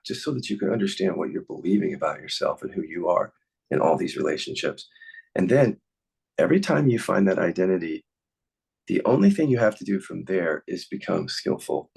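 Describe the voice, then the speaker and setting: Deep voiced guy, gravelly and husky, casual earnest teaching chat. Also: darkish tone, rough recording. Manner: earnest, encouraging, plain-spoken. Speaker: somatic inquiry teacher.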